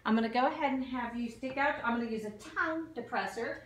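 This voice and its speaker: Talking quickly in a voice on the high side, a woman who is a nursing student walks a patient through every step of a clinical exam, now and then stumbling over medical terms. The recording comes from a distant mic in an echoey room.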